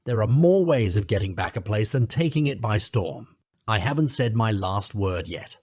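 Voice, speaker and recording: Stern wise old badger, read by a man; low and husky. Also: expressive, normal speed, a little mellow, no room sound, clean studio sound. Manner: severe and grave.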